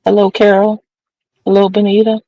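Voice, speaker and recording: A woman co-hosting a casual livestream, chiming in with short, relaxed greetings to viewers. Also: medium pitch, normal speed, dry recording, muffled recording. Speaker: co-host. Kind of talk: casual live chat.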